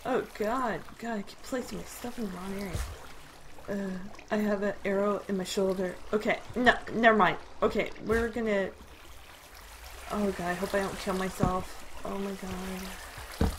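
A woman's voice: medium pitch, measured pace. A young woman chatting casually over her gameplay, easily startled and poking fun at herself. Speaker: gamer. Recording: noisy home recording.

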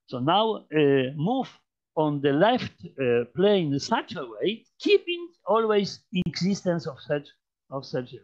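A man with a Polish accent gives an informal mathematics lecture in a fairly high voice. He talks haltingly, with many fillers, restarts and repeated phrases. The recording sounds dull and lo-fi. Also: big pitch swings, a little mellow. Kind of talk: informal lecture demonstrating on a computer.

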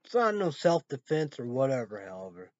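A man rants on his own channel, cursing and jumping from one thought to the next. He lurches between loud outbursts and low mutters in a middle-pitched voice. The audio is muffled and lo-fi, with a dry, close sound. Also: very animated, fairly quick, no room sound. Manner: profane, rambling, swings between loud outbursts and low mumbling. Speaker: vlogger. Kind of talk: rambling solo rant.

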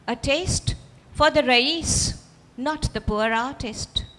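Woman, author reading aloud, expressive, high pitch, slow, reverberant hall. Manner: expressive, storytelling, addresses audience. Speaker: author reading her fiction. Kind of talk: literary reading at a festival. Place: festival auditorium.

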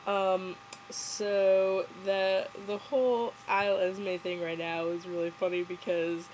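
A woman's voice: mid-range voice, flat delivery, slow, darkish tone, a little hiss or hum, low-quality recording. A young woman vlogger, sick, casually mocking a movie with sarcastic, giggly commentary.

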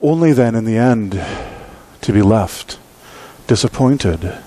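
Slow and mellow, a lower-pitched male voice with lively intonation carries this sermon. The speaker is a pastor in his forties in a church sanctuary, spinning a joking, self-deprecating story and repeatedly checking in with "right?"

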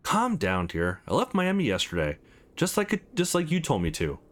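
A man voicing a sly middle-aged woman in a visual novel, coolly dismissive and teasing, read in his own low-key voice. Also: wildly swooping pitch, normal speed, fairly bright tone.

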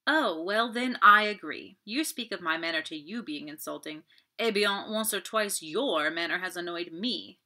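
A woman's voice: lowish voice, lively intonation, moderate pace, sharp tone. A woman voicing a scornful male police detective, dry and dismissive. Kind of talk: audiobook character voice.

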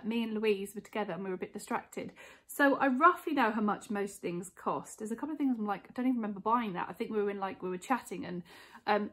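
A woman in her forties, chatting casually to camera at home in a rambling, filler-filled way. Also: on the high side. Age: 40s. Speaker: vlogger. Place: home, living room.

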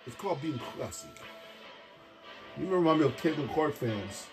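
A middle-aged father trash-talks his way through a family game tournament, boastful and teasing. His voice sits a bit high for a man and swings widely in pitch. Faint music plays behind him. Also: moderate pace. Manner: boastful, teasing, animated banter. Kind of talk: casual trash-talk over gameplay.

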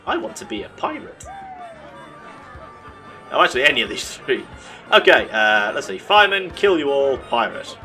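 Bright, chatty man commenting on a game. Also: mid-range voice, big pitch swings, moderate pace, long pauses, faint music behind. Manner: chatty, sarcastic, laughs at his own mishaps. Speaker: let's play host. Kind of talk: casual gameplay commentary.

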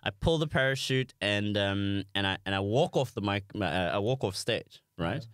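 A man's voice: fairly low pitch, moderate pace, smooth, no room sound, studio quality. A young South African man with a South African accent, telling self-mocking stories as a comedy podcast guest. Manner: animated, self-mocking storyteller. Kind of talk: podcast storytelling.

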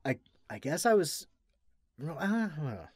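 A man co-hosting a podcast, chatting casually about a film in a rambling, halting way with many restarts. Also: on the high side, big pitch swings, husky, dry recording, clean studio sound. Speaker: podcast co-host.

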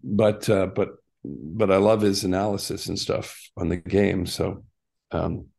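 Older man, low-pitched voice, interview guest, rambling, frequent restarts. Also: steady tone, unhurried, gravelly, darkish tone, husky. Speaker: guest, former actor and basketball coach. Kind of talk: casual interview storytelling.

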